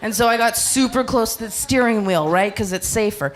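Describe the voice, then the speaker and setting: A woman doing a stand-up comedy set on a club stage, telling an animated story and acting out other people's voices. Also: a little high, a little fast. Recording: noisy live recording.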